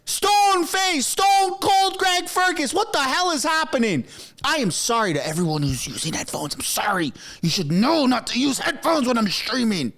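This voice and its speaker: A man live-streaming from his basement, reacting to a political video with loud yelling and swearing. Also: extremely high pitch, sing-song, moderate pace, gravelly. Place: home basement. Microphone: headphones with a desk mic.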